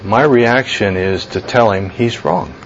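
A man preaching a sermon slowly and deliberately, jumping to a much higher pitch when he voices people's reactions. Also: lo-fi sound, slight background noise. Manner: slow deliberate preaching, voice leaps high for quoted reactions. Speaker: pastor.

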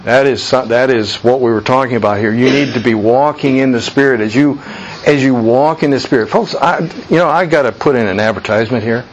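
A man's voice: medium pitch, a little fast, highs cut off, a little hiss or hum. A man leading an informal Bible study, talking earnestly and conversationally, repeating his points for emphasis.

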